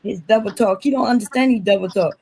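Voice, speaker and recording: A woman co-hosting a casual live-stream debate, giving quick, lively rebuttals. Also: mid-range voice, husky, dry recording, poor audio.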